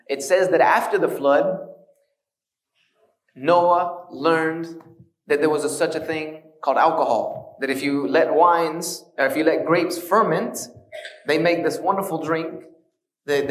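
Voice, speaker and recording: A man's voice: on the high side, distant mic. Man lecturing in an echoey hall. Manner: storytelling, earnest with wry humor. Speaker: speaker giving a lecture on his conversion. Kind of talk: conversational lecture.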